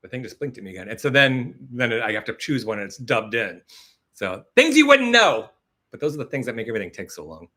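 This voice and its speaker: Man, live stream host, rambling, laughing, bright voice, lively pitch. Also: fast. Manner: rambling, laughing, acts out lines. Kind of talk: casual chat. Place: home in Los Angeles.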